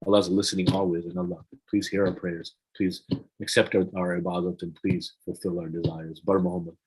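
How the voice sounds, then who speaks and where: A man preaching and leading a supplication in a pleading, earnest way, with a husky voice. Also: sits low, level tone, a little fast, darkish tone, poor audio. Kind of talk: religious sermon and prayer.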